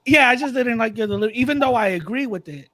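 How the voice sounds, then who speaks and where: A man's voice: very high voice, expressive, quick pace, a bit bright, no echo. A young man guesting on a casual debate chat, hesitant and repetitive, with laid-back slang.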